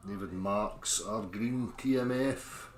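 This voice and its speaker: A man's voice: fairly low pitch, takes it slowly, echoey room. A Scottish man hosting a casual livestream, chatting informally and reading out viewers' names as he greets them. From Scotland. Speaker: livestream host.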